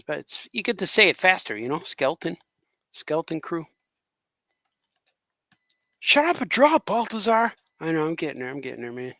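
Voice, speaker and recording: A man's voice: fairly high pitch, a bit bright, no echo. A man chatting in a rambling way while drawing on a live stream as a cartoonist host.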